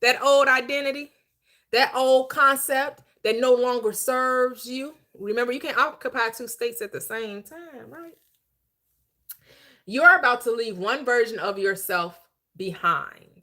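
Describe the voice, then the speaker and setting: A woman hosting a livestreamed Bible teaching, preaching in an emphatic, conversational way, slowing down to stress key phrases and chatting with viewers in between. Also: a little high, pushed and bright. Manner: chatty asides to viewers, quick laughs.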